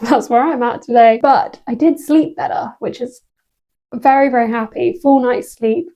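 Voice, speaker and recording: In this fitness vlog, a woman speaks to camera in a chatty, casual way, poking fun at herself and laughing along. Her voice is fairly high with a darkish tone, picked up by a clip-on lapel mic she holds in her hand.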